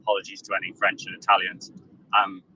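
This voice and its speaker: A man's voice: low-pitched, completely flat delivery, quick pace, bright, forceful tone, slight background noise, poor audio. A British man in casual panel chat, sarcastic and joking, acting out other voices as he talks. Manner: sarcastic, acts out voices of nations.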